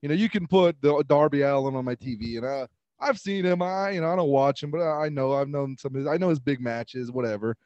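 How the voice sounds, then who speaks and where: A man chatting casually on a podcast, his voice sitting a touch high. He rambles, restarts and breaks into laughter often. The sound is close and dry. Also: quick pace, darkish tone, dry recording, dull audio. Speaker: podcast co-host. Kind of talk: casual chat.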